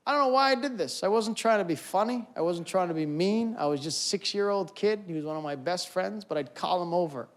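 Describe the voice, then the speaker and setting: A man performing stand-up comedy on a stage, animated and acting out scenes. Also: high-pitched, brisk, hardly any pauses. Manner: animated, acts out voices and scenes. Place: auditorium stage before a live audience.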